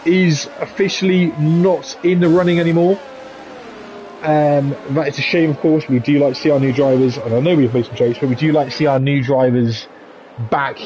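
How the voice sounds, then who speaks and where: A man commentating live on a sim racing league, chatty and jokey with quick asides. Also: a little high, warm tone, a little hiss or hum. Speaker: esports race commentator.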